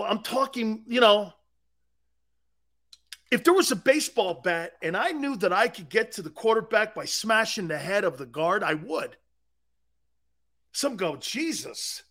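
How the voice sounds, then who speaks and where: An older man hosting sports talk radio, telling brash, profane stories with shouted quotes. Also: high-pitched. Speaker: radio show host.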